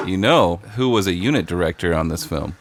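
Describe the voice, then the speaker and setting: A man co-hosting a podcast, chatting easily and trading quick reactions. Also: deep voice, expressive, slight background noise. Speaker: podcast co-host. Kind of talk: casual chat.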